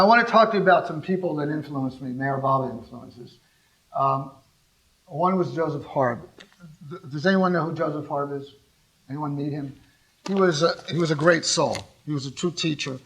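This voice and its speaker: An older man from California giving a talk, telling rambling, animated anecdotes and asking the audience questions. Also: a little high, rough recording. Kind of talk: storytelling talk to a small audience.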